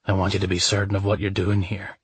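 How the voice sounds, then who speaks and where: A man playing a brooding, passionate male lover in a romance audiobook, speaking low and intimate. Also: completely flat delivery, fast, dry recording. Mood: low, tender. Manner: low, intimate, sometimes gruff.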